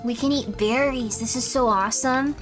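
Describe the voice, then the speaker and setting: A woman's voice: on the high side, normal speed, fairly bright tone, soft background music. A young woman streaming a game, bubbly and rambling, giggling and chatting with viewers. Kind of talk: casual let's-play chat.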